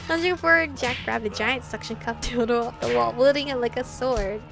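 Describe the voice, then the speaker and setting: A young woman playing through a visual novel and reading it aloud, breaking off for animated, laughing asides. Her voice sits a little high, and game music plays steadily underneath. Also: brisk, vocal fry. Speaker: gaming video host.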